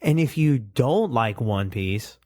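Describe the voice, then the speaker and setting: A man co-hosting a casual podcast, chatting in a relaxed way and reading out the show's plugs. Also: mid-range voice, takes it slowly, no room sound, studio quality. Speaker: podcast co-host. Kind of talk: casual chat.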